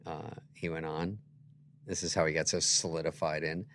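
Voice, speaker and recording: A man who is a guest comedian, telling anecdotes in an animated way and acting out other people's lines. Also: extremely low pitch, moderate pace.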